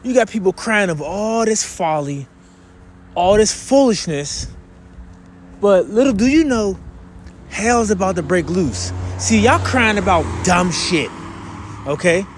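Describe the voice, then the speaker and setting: A man giving a preachy, blunt religious lesson on a vlog from a car, opening with quick formal greetings. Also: sits high, animated, a little hiss or hum. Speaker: religious teacher.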